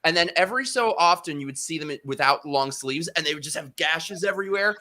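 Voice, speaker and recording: A man's voice: on the high side, lively intonation, brisk, over a noisy crowd. Dry-humored man in group chat. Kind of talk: casual chat.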